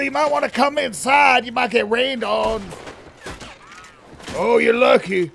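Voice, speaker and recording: A man's voice: very high voice, unhurried, vocal fry, long pauses, a bit bright. A man streaming a game, rambling and stammering through jokey commentary. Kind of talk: casual gameplay commentary.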